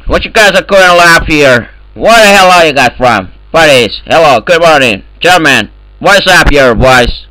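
A man holds the floor in a game's voice chat, swearing freely and trolling the other players. His broken English comes out in a raised, bright voice that cuts through sharply. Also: fairly high pitch, expressive, normal speed, dry recording, rough recording. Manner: loud, profane, in broken English. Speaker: gamer in voice chat.

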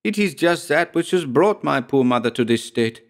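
A man's voice: on the high side, animated, moderate pace, voice pushed up. A thin, hesitant peasant pleads and bargains in a lifted, nervous voice, done by a man narrating the tale. He stammers and wheedles, always counting his coins. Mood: wheedling. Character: stingy, hesitant peasant farmer son.

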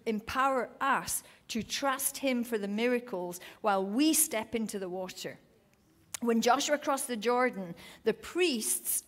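A woman preaching to a women's gathering, reading scripture passages aloud and then urging her listeners on, clearing her throat now and then. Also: on the high side. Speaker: women's ministry speaker.

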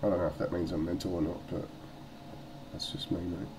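Australian man, low voice, blunt and rambling, swears freely, faint hiss. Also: little pitch movement, a little fast. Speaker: vlogger. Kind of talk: casual talk to camera.

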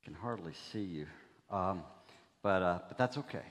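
A man's voice: low voice, expressive, normal speed. A man from Alabama, preaching as a guest speaker in a chatty, joking way with plenty of fillers. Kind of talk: sermon with jokes. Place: church sanctuary. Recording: long reverb of a church hall.

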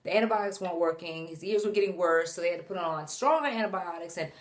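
Young mom vlogging at home w/ her baby on her lap, chatty and animated, turns to talk to the kid now and then. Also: on the low side, quick pace, crowd noise. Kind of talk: casual chat to camera while holding her baby. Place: at home indoors.

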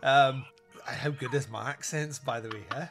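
A man's voice: mid-range voice, moderate pace, vocal fry, a bit bright. A man hosting a podcast, recapping a movie in casual chat, joking and laughing often. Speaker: podcast host.

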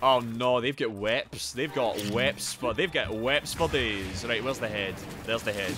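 A young man with a Geordie accent streaming a video game live, swearing, yelling and shouting out to his chat. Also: mid-range voice, measured pace, background noise. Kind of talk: live gameplay commentary.

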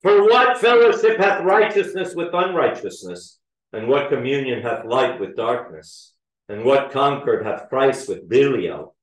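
A man delivers a sermon at a measured, unhurried pace. He swells with emphasis on his scripture readings. His voice carries from a distance in an echoey church. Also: mid-range voice, big pitch swings. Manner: preaching with rising emphasis on scripture quotes. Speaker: pastor.

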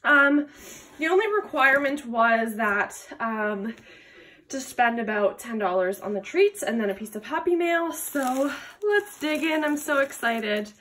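A woman hosting an unboxing vlog at a craft table, gushing with excited exclamations over each item. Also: high voice, measured pace. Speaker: craft channel host.

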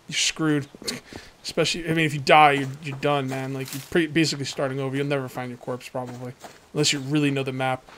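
A man's voice: on the high side, a bit bright, a little hiss or hum. Chatty man rambling over gameplay. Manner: rambling, chatty, talks straight to viewers. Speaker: let's play host. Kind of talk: casual gameplay commentary.

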